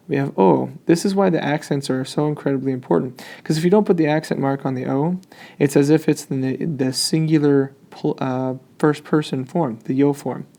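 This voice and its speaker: A man's voice: fairly high pitch, fairly even intonation, moderate pace, vocal fry, warm tone. A man teaching a Spanish grammar lesson, explaining step by step and checking in often.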